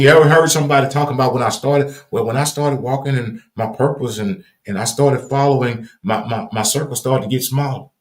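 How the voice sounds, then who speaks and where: A man from Louisiana with a Southern accent hosting a livestream, giving an earnest, preachy motivational talk with folksy, repeated phrases. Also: reverberant. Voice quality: deep, folksy, repetitive cadence. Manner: emphatic and earnest, builds to raised emphasis. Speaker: livestream host.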